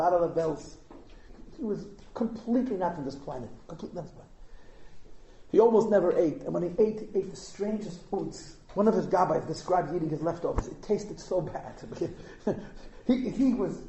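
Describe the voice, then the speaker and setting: A man teaching at an informal Hasidic gathering, an animated storyteller who fires rhetorical questions and chuckles at his own asides. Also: sits high, a little hiss or hum. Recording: echoey room.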